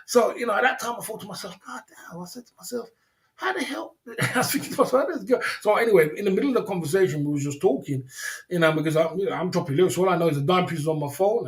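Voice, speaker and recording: A man rambles through a casual livestream story, full of slang and restarts. His voice sits a little higher than most men's. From England. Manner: rambling, repeats himself, slangy, laughs often. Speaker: livestream host.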